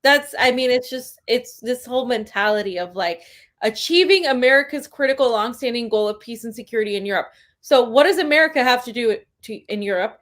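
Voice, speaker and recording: Woman cohost, kinda high voice, emphatic and fed up, casual chat. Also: brisk, a bit bright. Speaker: co-host.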